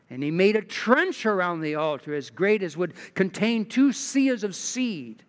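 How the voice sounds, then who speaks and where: A man preaching a sermon and reading scripture aloud, dramatic, with pitch climbing on quoted lines. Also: big-room sound.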